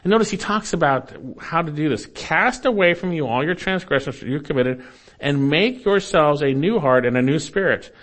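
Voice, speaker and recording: A man preaching an expository sermon, earnest and exhorting, speaking straight to the listener as a friend and swinging between emphatic and hushed lines. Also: on the high side, expressive, moderate pace. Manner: addresses the listener directly as "my friend".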